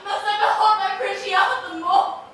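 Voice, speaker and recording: A woman's voice: very high voice, fairly even intonation, normal speed. An actress playing a grieving, frantic royal mother half mad with loss, performing classical stage acting in an impassioned way. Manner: impassioned, swinging between wailing and bitter laughter. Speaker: acting student. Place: rehearsal room. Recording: echoey room taped from far off, noisy.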